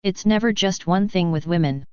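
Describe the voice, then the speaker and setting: A woman narrating a novel in the first person as an audiobook reader, with slow, even storytelling. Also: lowish voice, smooth, dry recording. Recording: slightly dull, dry close recording.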